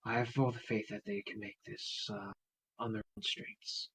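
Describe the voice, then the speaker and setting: A man voicing an elegant, calm woman who speaks quietly in formal phrases. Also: mid-range voice, normal speed, creaky, breathy edge, heavily acted, rough recording.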